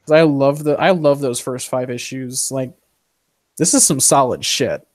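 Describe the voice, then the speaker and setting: A man's voice: mid-range voice, fairly even intonation, measured pace, no echo, clean studio sound. A young man hosting a casual stream chat, rambling and swearing, with plenty of fillers along the way. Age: young adult. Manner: profane, rambling, full of fillers. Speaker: stream host.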